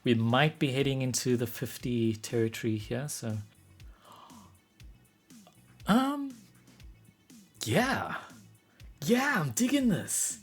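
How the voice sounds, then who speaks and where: A man streaming live as an artist, thinking aloud in casual commentary, getting excited and laughing often. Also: mid-range voice, slow, husky, soft background music.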